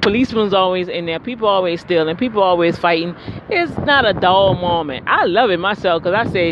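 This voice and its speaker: A high-pitched man tells his viewers a story in a loose, chatty vlog, exclaiming and calling out to them as he goes. The sound is muffled and dull. Loud wind rushes across the mic throughout. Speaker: retail store worker.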